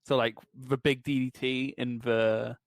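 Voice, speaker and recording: A man's voice: mid-range voice, flat delivery, a little slow, dry recording. Blunt, sweary man, dry sound. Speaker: podcast co-host. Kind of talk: casual podcast chat.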